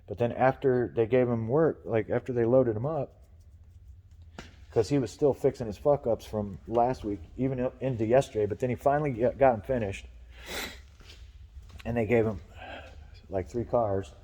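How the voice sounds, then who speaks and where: A man's voice: medium pitch, normal speed, long pauses, mellow, long reverb tail. A man talking casually on a vlog, rambling and swearing as he vents frustration about work. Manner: rambling, profane, frustrated venting. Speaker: vlogger.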